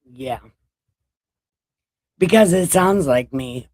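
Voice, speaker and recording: A woman's voice: extremely low pitch, takes it slowly, a little mellow, no room sound. A middle-aged woman hosting a casual livestream chat, mouthy and swearing freely. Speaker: livestream host.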